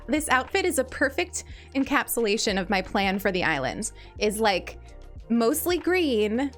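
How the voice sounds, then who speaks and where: A young woman from New York with a light New York accent, chatting casually with her stream audience while she plays, bubbly and quick to laugh. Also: fairly high pitch, a bit bright. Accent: New York, softened. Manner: bubbly, chatty, laughs often, restarts words. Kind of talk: casual chat while gaming.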